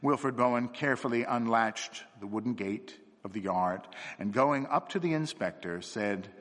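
A man reading a story aloud as narrator, in a measured, unhurried way. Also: medium pitch, fairly bright tone. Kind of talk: audiobook-style story reading. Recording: long hall reverb.

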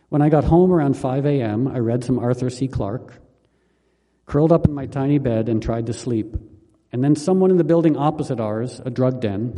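A man reading his own memoir aloud in a calm, measured, wry manner. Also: mid-range voice, long reverb tail. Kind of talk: memoir audiobook narration.

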